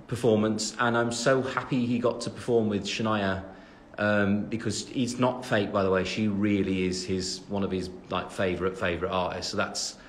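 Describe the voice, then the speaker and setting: A young singer from the English West Midlands, speaking with an English accent and a fairly low voice, chats on a phone livestream. He reads out fan questions in this casual Q&A, filling the gaps with lots of ums. Slight background noise can be heard.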